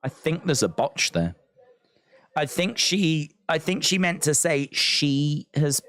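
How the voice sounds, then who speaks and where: A man hosting a live watch-along stream, chatting, reading viewer comments aloud and thinking out loud with many restarts. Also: fairly high pitch, animated, slow, no echo. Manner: rambling, thinking aloud, reads chat comments. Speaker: wrestling watch-along host. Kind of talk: live-stream reaction chat.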